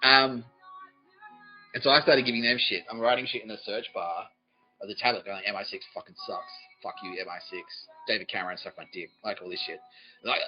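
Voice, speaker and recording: A man's voice: on the low side, steady tone, fairly quick. A man hosting a podcast, telling a rambling comic story full of swearing, laughing often and mimicking other people. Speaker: podcast host. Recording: dull lo-fi sound, faint music behind.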